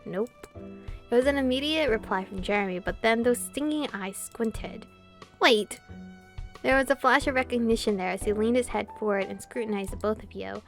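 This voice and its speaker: A young woman streamer reading a visual novel aloud, with giggly, excitable reactions. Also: fairly high pitch, fairly quick, hardly any pauses. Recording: faint game music behind.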